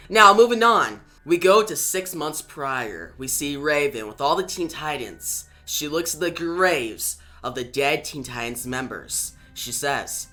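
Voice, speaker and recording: A man recapping a comic book story, energetic and emphatic in his narration. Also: on the high side, a little slow, hardly any pauses, soft background music.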